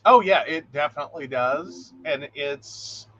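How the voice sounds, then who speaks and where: A man's voice: a little high, measured pace, muffled recording. A man co-hosting a casual podcast chat, telling stories with lots of laughter and acted-out quotes. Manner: animated storyteller, acts out quotes, laughs often. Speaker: podcast co-host.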